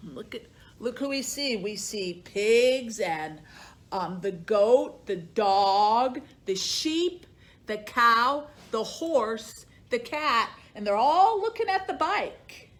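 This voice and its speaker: Taking her time, a female librarian reads a picture book to children in a fairly high, expressive voice. Her sing-song delivery rises and falls, and she gives each speaking animal its own performance.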